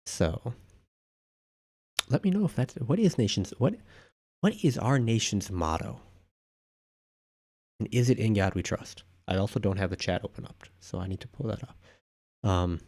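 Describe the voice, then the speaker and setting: A man with a low, mellow voice and a gravelly edge hosts a casual live stream. He reads viewer comments out loud and rambles offhand, with plenty of asides. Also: lively intonation, normal speed, long pauses. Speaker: livestream host.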